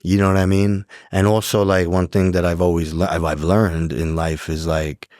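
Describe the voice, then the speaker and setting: A man in his forties with a thick New York accent and a very low voice. He talks in a loose, streetwise way, tossing in "bro" and "dude" all the time. The sound is close and dry. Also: flat delivery, moderate pace, a little mellow, no room sound. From New York City. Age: 40s. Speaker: podcast guest. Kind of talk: casual chat.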